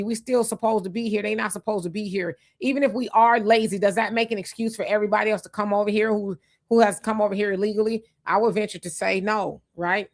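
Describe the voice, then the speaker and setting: A woman's voice: mid-range voice, steady tone, fast, hardly any pauses. A woman hosting a livestream. She reads viewer comments aloud and answers them in an emphatic, conversational way, often asking rhetorical questions. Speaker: livestream host.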